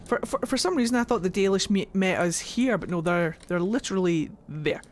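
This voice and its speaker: A woman's voice: medium pitch, fairly quick, slight background noise. A woman streaming a game, chatting in a goofy, rambling way to her viewers. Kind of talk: casual gameplay commentary. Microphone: desk microphone.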